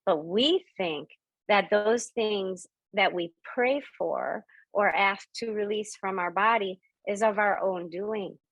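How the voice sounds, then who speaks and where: A woman spiritual medium hosting a members' video call, telling a story with lively acted-out dialogue and then teaching slowly and softly. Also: no echo, poor audio. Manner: animated storyteller, voice jumps high and fast when acting out excited dialogue; slows down and speaks softly and deliberately when teaching.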